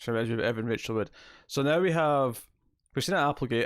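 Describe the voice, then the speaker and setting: A man's voice: medium pitch, moderate pace, long pauses, clean tone, dry recording, studio quality. A man hosting a live stream and chatting casually, laughing and joking as he reacts to a movie he is watching. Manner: chatty, jokey, often laughing.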